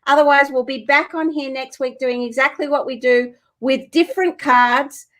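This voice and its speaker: Woman, spiritual card reader on a live stream, earnest, emotional, sweary, slightly high voice. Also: moderate pace, a bit bright. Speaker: co-host reading cards for viewers.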